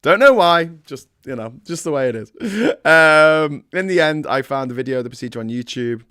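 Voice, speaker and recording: A man's voice: on the high side, lively intonation, fairly quick, bright, forceful tone, clear, resonant tone. A man hosting a casual livestream, rambling and self-deprecating, full of fillers and restarts. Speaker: host.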